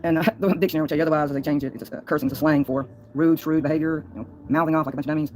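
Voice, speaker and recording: A woman's voice: sits low, steady tone, very fast, darkish tone, a little hiss or hum, rough recording. A woman livestreaming a long, folksy, rambling monologue, laughing between thoughts.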